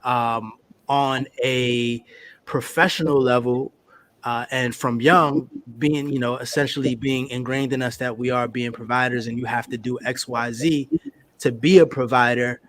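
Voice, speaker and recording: A man's voice: medium pitch, fairly even intonation, unhurried, a bit bright, poor audio. A man on a podcast panel, thinking aloud in a thoughtful, hesitant way with many "um"s and "you know"s. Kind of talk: casual panel discussion.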